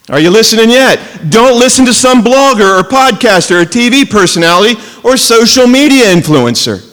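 Guy preaching a sermon, kinda high voice, chatty storyteller who slows way down to hit the big words, long echo like a church hall. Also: fairly bright tone. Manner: conversational storytelling with jokes and asides; emphatic, slows down to stress key words. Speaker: pastor.

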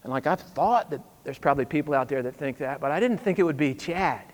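A man's voice: a little high, quick pace, in a large hall. A man in his thirties, a pastor telling a story in a sermon, conversational with wry asides.

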